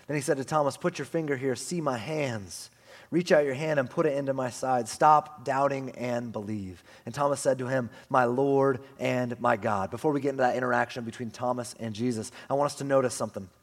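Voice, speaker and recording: A man preaching a sermon in a conversational way, often asking the crowd "right?" and swinging between hushed, slow passages and loud, lively ones. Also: mid-range voice. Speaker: pastor. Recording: long hall reverb.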